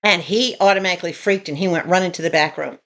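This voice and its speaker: A woman vlogger telling a story casually to her viewers, in an animated, indignant way. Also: lowish voice, fast. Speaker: tiny home vlogger.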